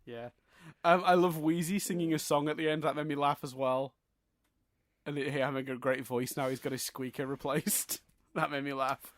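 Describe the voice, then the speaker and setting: A man's voice: on the high side, fairly even intonation, moderate pace, no room sound. A man co-hosting a podcast, chatting casually about a film he likes, laughing often and trailing off into restarts. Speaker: podcast co-host. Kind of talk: casual film review chat.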